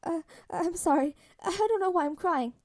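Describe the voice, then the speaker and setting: A nervous teenage boy in a storybook audio reading, his voice pitched up high and light, soft and shaky. He stammers and hesitates, apologetic and shy, as a woman acts him out. The tone stays mellow rather than sharp. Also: lively intonation, normal speed. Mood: tearful.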